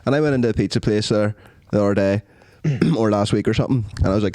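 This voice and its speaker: A man's voice: fairly low pitch, fast, hardly any pauses, warm tone, no echo. A man co-hosting a podcast, telling a sweary, ranting story in casual chat. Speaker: podcast co-host.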